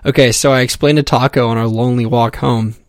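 A man's voice: medium pitch, fairly even intonation, fast, dry recording, clean studio sound. A young man telling a comic personal story in a casual, profane, self-mocking way, full of fillers. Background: music.

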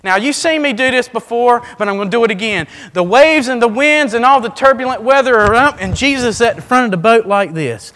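A man preaching a sermon in an animated way, acting out scenes as he talks. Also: extremely high pitch, brisk, hardly any pauses, in a large hall. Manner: animated, acts out scenes with shifting voice.

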